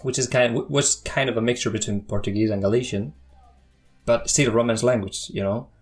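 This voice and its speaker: A man interviews his guest, curious and a bit halting, often restarting his sentences. His voice sits in a middle pitch range. Faint music plays underneath. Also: steady tone. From Spain. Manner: curious, hesitant, many restarts. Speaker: interviewer, host. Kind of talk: casual interview chat.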